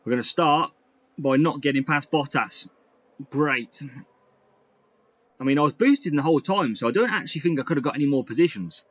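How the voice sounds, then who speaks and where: A man giving lively, excitable commentary over a racing game he is playing. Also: on the high side, moderate pace, pauses often, dull audio. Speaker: gaming YouTuber. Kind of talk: gameplay commentary.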